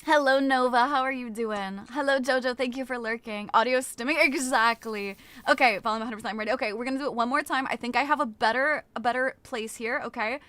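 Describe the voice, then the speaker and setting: Bright-voiced chatty woman streamer. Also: a little high, fairly quick, few pauses, dry recording. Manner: chatty, greets viewers by name, restarts sentences. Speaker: live streamer. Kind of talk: casual live-stream chat. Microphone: desktop mic with a limiter.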